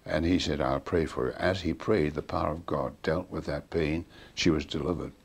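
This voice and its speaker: A man's voice: extremely low pitch, normal speed, vocal fry, breathy edge. An older man in an interview, telling stories and acting out the dialogue of the people in them. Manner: animated storyteller acting out quoted dialogue. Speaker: interviewee recounting a preacher's ministry. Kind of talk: storytelling interview.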